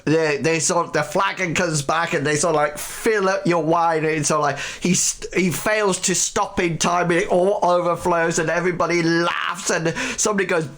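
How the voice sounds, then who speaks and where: A man narrating a tabletop game as game master, halting with frequent fillers. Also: fairly high pitch, fairly even intonation, a bit bright.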